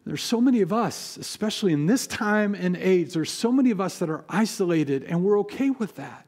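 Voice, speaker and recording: A man preaching a sermon as pastor, telling stories and acting out biblical figures in a lively way. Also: high-pitched, fairly quick, slightly rough. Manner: animated storytelling, acts out biblical figures with rising energy.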